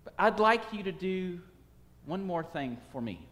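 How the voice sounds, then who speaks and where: A man voicing a calm, shrewd trader who speaks softly and politely. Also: high-pitched, pitched above the performer's own voice, exaggerated voice. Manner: soft-spoken, polite and measured. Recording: long hall reverb.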